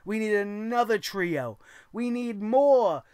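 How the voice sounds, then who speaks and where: A man's voice: high-pitched, expressive, slow pace, darkish tone, clear, resonant tone, dry recording, clean studio sound. A man hosting a wrestling recap show, ranting sarcastically and swearing, mocking people in put-on voices. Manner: sarcastic, profane, mocking impressions.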